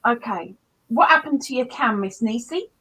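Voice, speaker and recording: A woman hosting a casual livestream chat, greeting viewers by name with excited jumps in her voice. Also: on the high side, normal speed, slightly rough. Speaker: livestream host.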